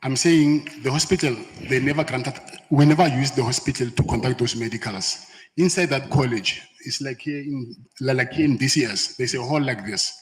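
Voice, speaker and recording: A man giving plain, measured answers as a witness at a formal hearing. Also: mid-range voice. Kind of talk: formal testimony. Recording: hall reverb, played inside a reaction stream.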